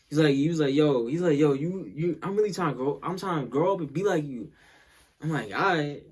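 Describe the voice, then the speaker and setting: Husky young man telling a rambling story. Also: medium pitch, brisk. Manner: rambling, repeats himself, acts out quoted lines. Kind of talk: casual storytime.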